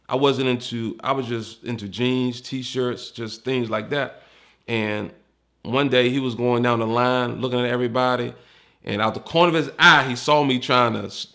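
A gravelly-voiced man from Washington, DC, a retired homicide detective, tells casual stories about his career. His voice sits at a medium pitch with a slightly bright edge. He's candid and profane, acting out the people he quotes.

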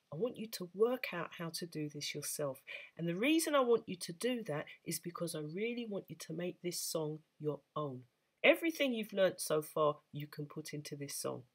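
A woman's voice: on the low side, fairly bright tone, husky. A woman teaching beginners the saxophone, patient and encouraging as she explains step by step. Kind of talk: instructional talk to camera.

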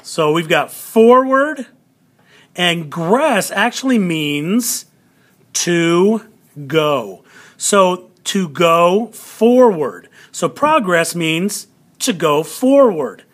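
Male teacher, patient and unhurried, somewhat high voice, walks students through a lesson. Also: very animated. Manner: slow, patient, repeats words for emphasis. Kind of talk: classroom lesson video.

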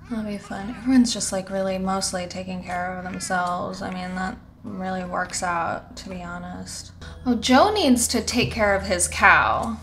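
A woman's voice: medium pitch, a bit bright, a little hiss or hum. A young woman giving casual commentary on her life-simulation game, chatting and bossing her characters around. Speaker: gaming channel host.

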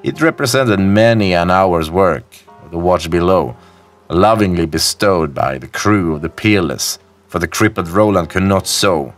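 Deep-voiced man reading a story over music. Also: normal speed. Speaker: horror story narrator. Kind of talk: scripted narration of a classic story. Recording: faint music bed behind the voice. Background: soft background music.

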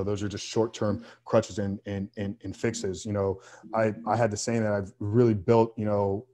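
A man's voice: fairly low pitch, dark tone. A man speaking as a guest coach on a podcast, answering earnestly with frequent fillers and restarts. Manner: earnest, faith-driven, with many fillers.

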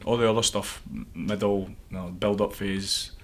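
A man's voice: on the low side, steady tone, normal speed. A man, an assistant football coach, giving earnest interview answers and thinking aloud with frequent restarts.

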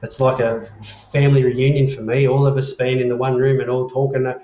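An Australian man hosts a laid-back live chat, reading out comments in a matey voice with the odd swear word. He sits at a middling pitch. The sound is roomy and echoey, with a dull, lo-fi edge. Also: little pitch movement, a little fast, dark tone. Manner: chatty, matey, swears freely. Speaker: livestream host.

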